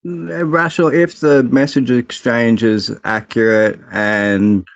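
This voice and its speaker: A man in an online debate, measured and careful with his wording. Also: mid-range voice, steady tone, creaky, no echo, dull audio.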